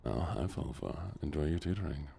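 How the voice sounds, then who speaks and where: A soft-spoken man with a Southern US accent, chatting with viewers during a relaxed gaming stream. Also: rumbling low, a little fast, gravelly, slight background noise. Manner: relaxed, chatting to viewers between game moments.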